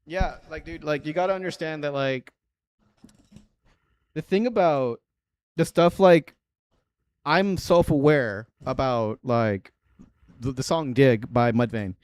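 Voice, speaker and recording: A man in his thirties chatting casually on a livestream as a bass-playing host, rambling with lots of fillers and frequent laughter. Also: slow pace, pauses often, darkish tone, smooth, no room sound. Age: 30s.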